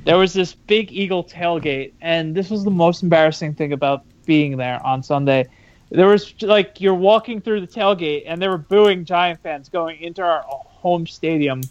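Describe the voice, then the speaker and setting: A man co-hosting a casual sports chat, telling a story in a relaxed way. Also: a little high, moderate pace, dry recording. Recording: dull dry podcast audio.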